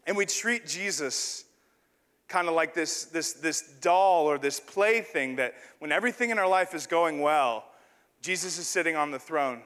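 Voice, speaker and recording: A man's voice: fairly high pitch, lively intonation, normal speed, fairly bright tone, in a large hall. A man preaching a sermon in a church, playfully acting out an illustration with a volunteer on stage. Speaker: pastor. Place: church hall.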